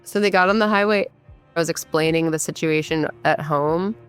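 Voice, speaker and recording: With a low, clean voice at normal speed, a woman in her thirties from Michigan narrates her own story. Her speech is candid and conversational, peppered with fillers, and faint music plays behind her.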